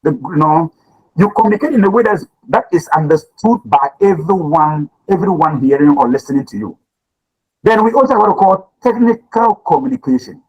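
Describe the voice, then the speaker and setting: Animated man lecturing a class. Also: fairly high pitch, a little fast, husky, dull audio. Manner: repeats words, animated questioning of class. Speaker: teacher.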